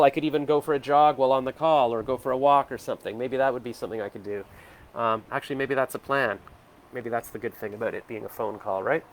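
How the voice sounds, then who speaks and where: A man's voice: mid-range voice, fast talker, slight background noise. A man in his forties talking to the camera from home in a rambling, hesitant, self-reflective way. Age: 40s. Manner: rambling, hesitant, full of fillers. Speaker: vlogger. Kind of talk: casual self-reflective monologue.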